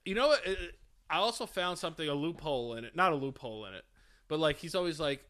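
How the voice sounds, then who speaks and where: A man's voice: fairly high pitch, expressive, quick pace, sharp tone. A man co-hosting a podcast, chatting crudely and laughing often. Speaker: podcast co-host. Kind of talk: casual comedic chat.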